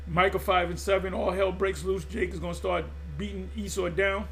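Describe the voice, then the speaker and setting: A man's voice: high-pitched, moderate pace, creaky, hardly any pauses, a bit bright, a little hiss or hum. A man preaching in an impassioned monologue, emphatic and repetitive, often stumbling and restarting mid-phrase. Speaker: religious group teacher.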